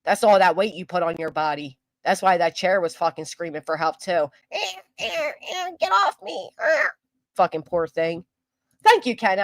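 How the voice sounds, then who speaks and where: A woman's voice: on the low side, dry recording, poor audio. A woman hosting her commentary channel, ranting in a heated, profane, scolding way. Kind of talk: angry commentary rant.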